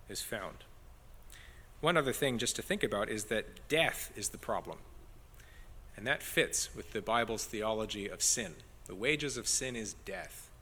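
A man's voice: medium pitch, pushed and bright, big-room sound. A man preaching an expository sermon as pastor, earnest and building emphasis on key phrases.

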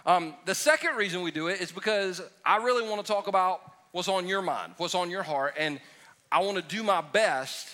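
A man's voice: high voice, moderate pace, bright, forceful tone. A man pastor leading a question and answer sermon in a church, talking casually with jokes and emphatic asides. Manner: conversational, joking, emphatic preaching. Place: church sanctuary.

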